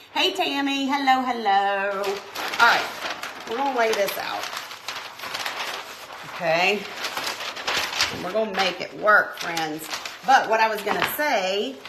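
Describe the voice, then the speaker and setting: A middle-aged woman, chatting casually to her viewers while she crafts at home and greets them by name. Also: medium pitch. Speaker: craft channel host. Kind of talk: casual crafting livestream chat. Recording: echoey room, faint background noise.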